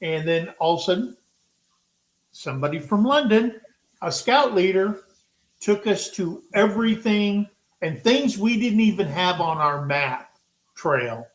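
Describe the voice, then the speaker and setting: Slow, rambling American man telling stories. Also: sits high, expressive, echoey room. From United States. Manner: rambling, unhurried storytelling. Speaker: host. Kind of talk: casual live-stream chat.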